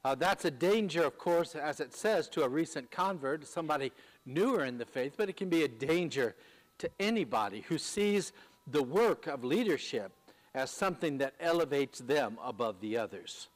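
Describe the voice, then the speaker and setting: A man delivers a sermon in a fairly high voice. He teaches at a measured pace, stopping often on fillers and repeating words as he works through his point. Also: lively intonation. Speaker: pastor.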